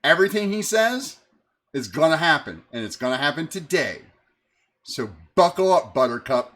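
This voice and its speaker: A man voicing a brash male warrior who barks orders loudly and gruffly. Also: on the high side, sing-song, moderate pace. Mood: commanding. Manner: loud, commanding, gruff.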